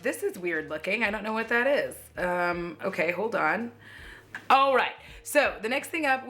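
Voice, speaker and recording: A bright, clear-toned American woman talking to camera in a loose, joking vlog style. She rambles, swears casually and laughs at herself as she reviews makeup. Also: fairly high pitch. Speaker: beauty YouTuber.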